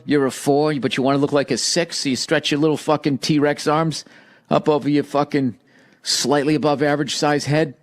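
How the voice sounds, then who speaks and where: A male stand-up comedian delivering a profane, ranting routine. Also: a little high.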